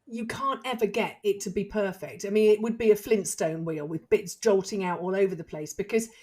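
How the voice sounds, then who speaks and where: A woman co-hosting a podcast, telling lively anecdotes in casual chat. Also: mid-range voice, fairly quick, breathy edge. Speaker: podcast co-host.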